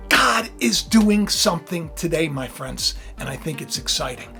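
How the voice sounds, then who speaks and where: A hoarse, tired man preaching from scripture to his viewers, swinging from quiet, intimate talk to loud fervor. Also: a little high, expressive, moderate pace, faint music behind. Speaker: online preacher, channel host. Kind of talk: impassioned scripture preaching to camera.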